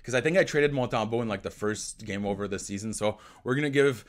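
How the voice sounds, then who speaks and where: A francophone man, co-hosting a casual sports livestream and talking in an animated, rambling way with many restarts. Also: lowish voice, quick pace. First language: French. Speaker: co-host. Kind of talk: casual hockey livestream chat.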